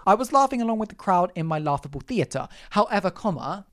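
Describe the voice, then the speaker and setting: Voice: mid-range voice, quick pace, hardly any pauses. A young adult podcast host talking alone in a casual, campy, sarcastic rant, full of asides and apologies. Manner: animated, campy, sarcastic ranting with frequent asides.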